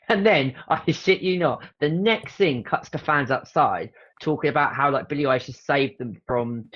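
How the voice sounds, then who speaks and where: This podcast host chats casually in a slightly high voice at normal speed, barely pausing at all. He tells stories with laughter and the occasional swear word, animated throughout. The audio is dull.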